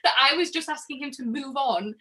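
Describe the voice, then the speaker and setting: A woman's voice: high-pitched, brisk. A young woman from Northern England with a northern accent, telling stories in a casual chat, acting out quotes and laughing often. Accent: Northern English. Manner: animated storyteller, acts out quotes, laughs often. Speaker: guest.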